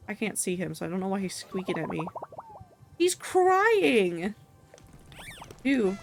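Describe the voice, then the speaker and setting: A woman's voice: medium pitch, very animated, slow, vocal fry, long pauses, slight background noise. A young woman streaming a game, chatting casually with playful, mock-exasperated remarks.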